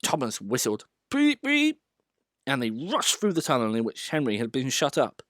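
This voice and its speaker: A man narrating a children's storybook in an expressive, animated reading voice. The recording is close and dry, with no room sound. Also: medium pitch, a little fast, no room sound.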